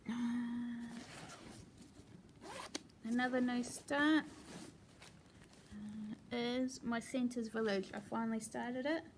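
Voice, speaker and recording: A chatty woman talks casually at home, relaxed and full of little asides. Her voice sits a touch high and has a gravelly, creaky edge. A faint hiss runs under the recording. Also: slow, pauses often. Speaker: cross-stitch vlogger. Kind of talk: casual show-and-tell chat.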